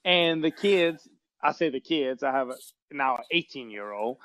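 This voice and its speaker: A man's voice: mid-range voice, animated, moderate pace, fairly bright tone, dry recording, poor audio. Rambling man from Louisiana, dry sound. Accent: faint Louisiana. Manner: rambling, restarts and self-corrections. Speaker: podcast co-host. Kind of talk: casual chat.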